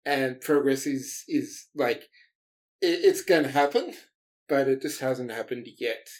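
Game master, slow unhurried delivery, hesitant with fillers, tabletop narration. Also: medium pitch, expressive. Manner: hesitant, many fillers and pauses.

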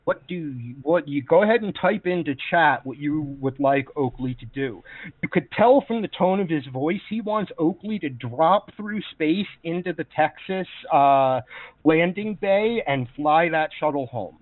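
A man's voice: fairly high pitch, animated, a little slow, no room sound. A man running a tabletop game as game master, narrating in a chatty way with many fillers. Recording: dry, phone-like voice call audio.

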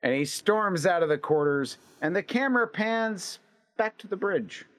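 A man's voice: high-pitched, animated, normal speed, a bit bright. A man narrating his scene as a player in a tabletop role-play, with vivid, descriptive scene-setting.

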